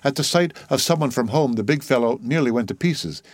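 A man narrating a novel in a measured, even storytelling voice. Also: mid-range voice, no room sound. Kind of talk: audiobook narration.

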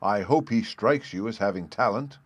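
A man's voice: on the low side, normal speed, slightly rough, dry recording. A man voicing an imperious, huge noblewoman who speaks harshly and overbearingly. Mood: lofty. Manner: loud and overbearing.

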